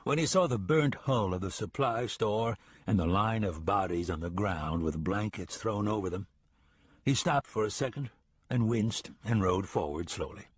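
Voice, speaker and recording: A man narrating a western audiobook in an even, measured storytelling voice, close to the mic. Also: on the low side, slightly rough, no echo. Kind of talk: scripted narration.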